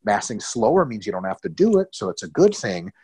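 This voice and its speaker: A man with a low, husky voice co-hosts a casual webinar over a video call, telling stories with lots of swearing and jokes. His pitch swings widely as he talks, and the sound is dry and close. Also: fairly quick, no echo, poor audio. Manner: profane, joking, animated storytelling. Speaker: co-host.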